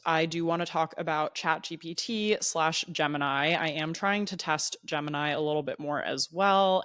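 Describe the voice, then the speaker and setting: A woman's voice: sits low, fairly bright tone, no room sound, clean studio sound. A young woman hosting her own podcast, talking casually into a plugged-in mic and saying "like" often. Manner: chatty, says "like" often. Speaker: podcast host. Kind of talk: casual solo podcast talk. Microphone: plugged-in microphone at a laptop.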